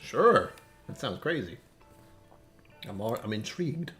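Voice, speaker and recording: A man with a very low voice chats loosely on a home whiskey livestream, wandering between topics and often cutting himself off. Faint music plays under his voice. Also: very animated, a little slow, fairly bright tone. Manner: rambling, distractible, self-interrupting. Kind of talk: casual livestream chat.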